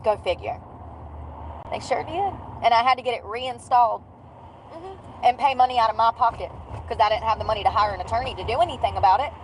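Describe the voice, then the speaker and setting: A woman's voice: fairly high pitch, a little fast, a little hiss or hum, rough recording. A woman telling a rambling, candid story in casual slang while she drives.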